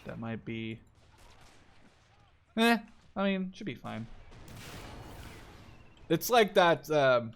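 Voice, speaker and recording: A man's voice: a little high, slight background noise. A man in his twenties giving casual, rambling gameplay commentary, cheerful and jokey, swearing freely and stumbling over German words. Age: 20s. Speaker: gaming YouTuber.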